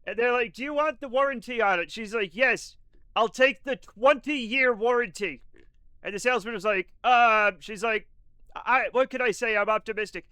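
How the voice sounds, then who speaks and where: Young man, high bright voice, dry close sound, rambling joking chat. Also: brisk, smooth, no echo. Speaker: streamer. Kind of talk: casual chat.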